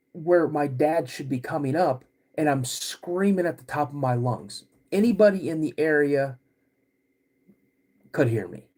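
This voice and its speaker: A man hosting a podcast, recounting a personal story in a halting, vivid way with many restarts. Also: a little high, warm tone. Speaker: podcast host.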